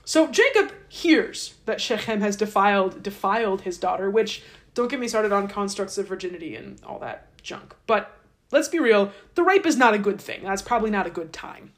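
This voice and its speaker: A woman's voice: mid-range voice, expressive, moderate pace. A woman host casually retelling a story in a chatty, irreverent, joking way. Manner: irreverent, chatty, swears lightly. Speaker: podcast host.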